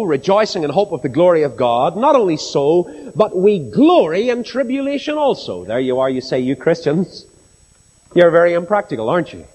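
In a reverberant church hall with a long echo, a middle-aged Northern Irish man preaches in a high, slightly mellow voice. His sermon is impassioned and rhetorical, and he mimics those who doubt him.

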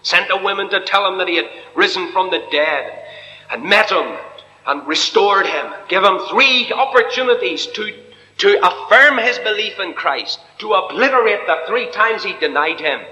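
A man preaching an evangelical sermon to a congregation in church, impassioned, dropping to a hush and then rising high. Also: expressive, normal speed, a little hiss or hum. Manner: impassioned, swinging from hushed to soaring. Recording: long reverb of a hall.

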